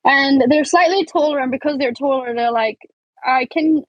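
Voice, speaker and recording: A woman's voice: high voice, brisk, no room sound. A young woman co-hosting a podcast in casual chat, telling stories with many fillers and restarts. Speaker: podcast co-host. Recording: dull lo-fi, dry sound.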